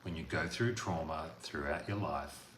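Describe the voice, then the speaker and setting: A man delivering a blunt, profane motivational monologue as a coach, veering from loud outbursts to quiet talk. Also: very deep voice, moderate pace. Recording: echoey room with faint noise.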